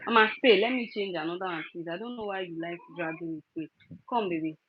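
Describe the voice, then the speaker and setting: A woman's voice: fairly low pitch, fast talker, husky, dull audio. A woman streaming live while talking to her baby and greeting viewers, in coaxing sing-song baby talk. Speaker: streamer and mother.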